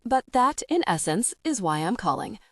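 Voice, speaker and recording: Field: dry, calm FBI agent, as a woman reads him. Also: mid-range voice, normal speed, dry recording, pitched above the performer's own voice. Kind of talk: audiobook character voice.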